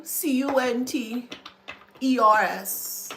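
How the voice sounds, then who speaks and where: Slow, drawn-out woman commentator. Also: fairly high pitch, a bit bright, a little hiss or hum. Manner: drawn-out, emphatic, spells words letter by letter; blunt and scornful, swears. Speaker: online commentator. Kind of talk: casual monologue to camera.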